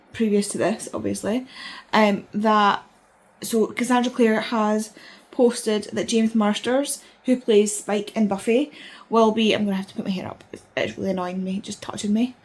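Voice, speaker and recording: A woman in her thirties, chatting casually and excitedly in a rambling way as a book vlogger, sounding tired. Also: medium pitch. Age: 30s. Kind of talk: casual vlog chat.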